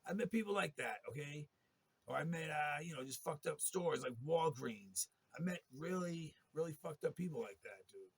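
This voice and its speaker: A man's voice: a little high, moderate pace, slightly rough. A man in a long, rambling monologue, talking in a profane and agitated way. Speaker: interviewee telling his story.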